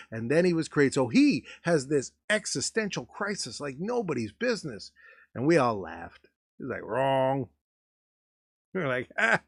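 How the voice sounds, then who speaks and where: A man hosts a joking countdown in a voice on the higher side, his pitch bouncing around a lot. He rambles with plenty of filler words and stops to restart. The sound is close and dry. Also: a bit bright, no echo. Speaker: comedy video host.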